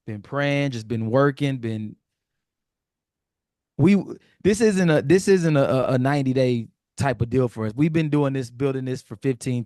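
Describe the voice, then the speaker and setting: A man speaks from the heart on a video call, earnest and a little halting as he restarts his sentences. His voice sits at an ordinary pitch, and the sound is dry and close. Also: a little mellow, no echo. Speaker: community member sharing a testimonial. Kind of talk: casual call testimony.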